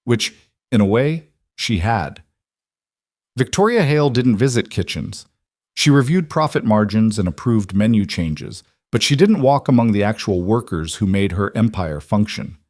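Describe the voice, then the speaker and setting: A man narrating a scripted drama in a steady, measured way. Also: fairly low pitch, dry recording, studio quality.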